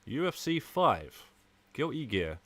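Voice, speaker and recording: A man's voice: mid-range voice, big pitch swings, slow pace, fairly bright tone, faint music behind. A man live-streaming a game, chatting loosely with viewers, full of "uh" and "man" while he plays. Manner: chatty, frequent "uh" and "man", talking to chat while playing. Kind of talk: casual live-stream chat.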